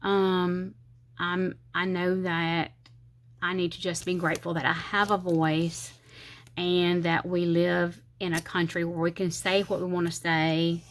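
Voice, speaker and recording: A woman's voice: lowish voice, flat delivery, measured pace. A middle-aged woman with a Southern US accent, chatting casually and rambling as she decorates her planner, with slightly slurred speech, sometimes counting under her breath. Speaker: planner channel host. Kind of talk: casual chatty crafting vlog.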